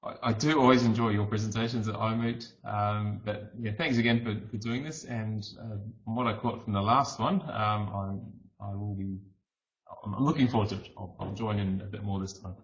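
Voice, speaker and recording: A man's voice: lowish voice, fairly even intonation, normal speed. A man hosting an online conference, introducing the speakers in a casual, hesitant way. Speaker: conference host. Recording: muffled online session audio.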